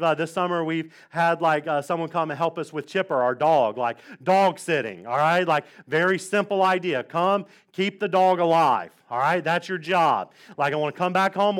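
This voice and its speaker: Pastor, man, 30s, slightly higher voice, conversational storytelling sermon style, frequent "all right?" check-ins. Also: a bit bright. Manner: chatty, joking storyteller, lots of "like" and "all right?". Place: church sanctuary.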